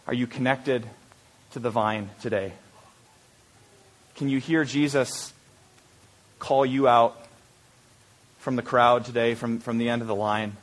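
A man preaching a sermon, telling a lively story and then making earnest, quiet appeals. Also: medium pitch, unhurried, pauses often. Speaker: pastor.

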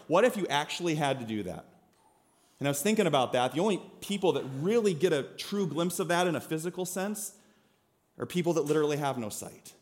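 Animated man preaching through a story. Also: fairly high pitch, brisk. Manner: animated storytelling, then quiet and earnest. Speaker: pastor. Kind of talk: sermon with storytelling.

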